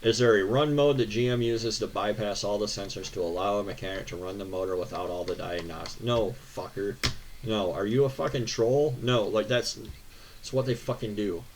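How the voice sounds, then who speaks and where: A man's voice: on the low side, moderate pace. Profane, ranting American man. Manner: profane, sarcastic, exasperated ranting. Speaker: car channel host. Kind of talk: ranting reaction to viewer posts.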